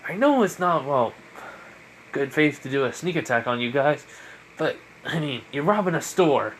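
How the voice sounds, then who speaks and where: Man voicing a wisecracking young hero, teasing, higher than his own voice, faint background noise. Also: expressive, normal speed, close to an everyday voice. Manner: teasing, joking.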